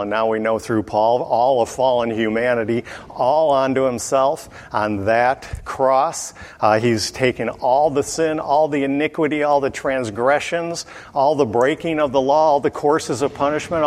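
A man giving verse-by-verse Bible teaching in an unhurried way, often pausing with fillers and clearing his throat. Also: medium pitch, darkish tone, big-room sound.

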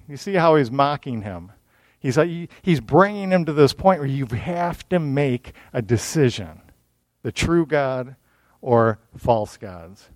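A man's voice: medium pitch, unhurried, dry recording. A man preaching a sermon, reading a scripture passage aloud and explaining it in plain everyday words. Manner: mocking, animated asides.

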